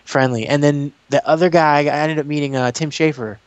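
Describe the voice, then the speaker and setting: A man and YouTuber, chatting in an interview and telling long, animated stories full of restarts. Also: on the high side, a little fast, smooth, no room sound. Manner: rambling, animated storytelling with restarts. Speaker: guest YouTuber. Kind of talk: casual interview chat.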